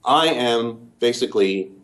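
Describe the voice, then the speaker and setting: A man's voice: mid-range voice, animated, measured pace, a bit bright. A Canadian man giving a long, detailed, earnest first-person account in an interview. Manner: earnest, detailed, methodical storytelling.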